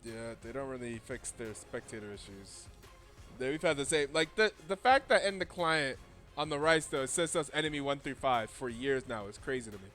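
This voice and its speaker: A man's voice: medium pitch, brisk, soft background music. A man casting a live esports match and chatting with his co-caster, laughing often as he tells stories. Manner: laughs often, animated storytelling. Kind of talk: esports commentary. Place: home.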